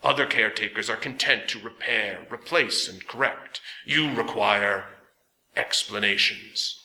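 Man playing a gravelly, slow-intoning elder of a stern council, bright edge, echoey room. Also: on the low side, full character voice. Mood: judging. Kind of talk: audiobook character voice.

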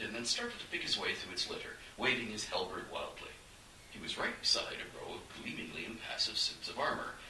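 A man narrates a fantasy adventure with a sweeping, animated pitch and a sharp, bright tone. His voice sits slightly low. He sounds set back from the mic in an echoey room with a faint hiss. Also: recorded from a distance. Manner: animated, dramatic storytelling. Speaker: audiobook narrator.

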